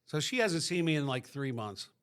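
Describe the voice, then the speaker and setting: A man's voice: fairly high pitch, very animated, moderate pace, fairly bright tone. Middle-aged man telling his story. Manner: rambling storyteller with restarts. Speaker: guest. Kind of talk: recovery podcast interview.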